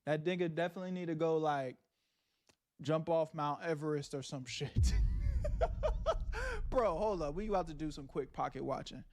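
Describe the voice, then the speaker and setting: A man's voice: a little high, very animated, moderate pace, long pauses, a little mellow. A man giving laid-back, slangy reaction commentary with laughing asides. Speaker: reaction streamer.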